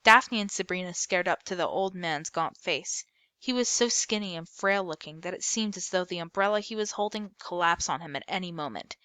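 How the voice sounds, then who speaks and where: A woman reads a novel aloud in a steady storyteller manner, now and then correcting herself. Her voice sits low yet sounds bright and clear, recorded close and dry. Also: a little fast, no echo. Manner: steady read-aloud with small slips and self-corrections.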